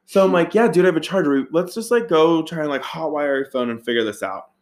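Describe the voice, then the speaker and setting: A man telling a wild story to friends in a casual, profane, animated way, acting out the quoted lines with big jumps in his voice. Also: on the high side, fast.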